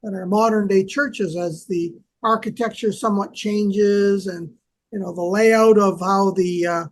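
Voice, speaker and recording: A man co-hosting an educational talk, explaining slowly with many pauses and fillers. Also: sits high, fairly even intonation, slight background noise. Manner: hesitant, lots of fillers, explanatory. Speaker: co-host, archaeology scholar. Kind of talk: casual educational discussion.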